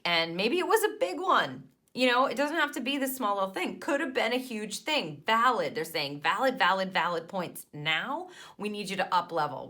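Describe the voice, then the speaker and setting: A woman's voice: medium pitch, bright, forceful tone. A woman reading tarot cards for her viewers in an encouraging, emphatic way, with hesitant fillers between her points. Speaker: tarot card reader.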